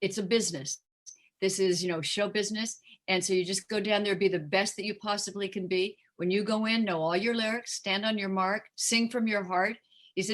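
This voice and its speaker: A woman's voice: mid-range voice, steady tone, fairly quick. An older woman from the United States, a guest singer and actress chatting casually in an interview, full of "you know" fillers.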